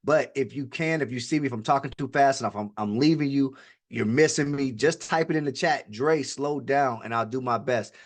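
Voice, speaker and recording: Fast-talking man giving a hype sales pitch. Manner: repeats "ladies and gentlemen" and "all right". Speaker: webinar presenter. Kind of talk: live online sales pitch.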